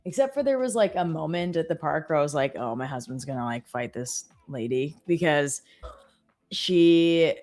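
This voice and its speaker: Her pitch is low and expressive, her pace moderate, and her tone a little mellow. She's a thirtysomething Canadian co-hosting a live trading stream, casually chatting through filler-heavy stories.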